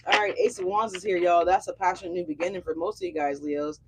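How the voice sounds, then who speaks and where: A woman's voice: on the low side, steady tone, quick pace, noisy background. Brash, chatty woman reading tarot. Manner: chatty, brash and profane, addresses viewers directly. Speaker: tarot reader.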